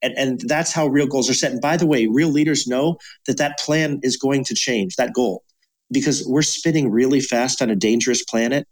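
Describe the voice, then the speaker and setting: A man's voice: mid-range voice, moderate pace. Emphatic male leadership speaker. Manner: emphatic, acts out dialogue. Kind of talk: storytelling podcast guest.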